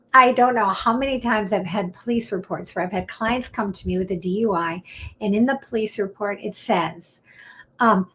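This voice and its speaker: A middle-aged woman talks through legal points as a defense attorney. She is chatty and lively, and she acts out the back-and-forth of quoted conversations as she goes. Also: mid-range voice, normal speed. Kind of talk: casual explainer talk.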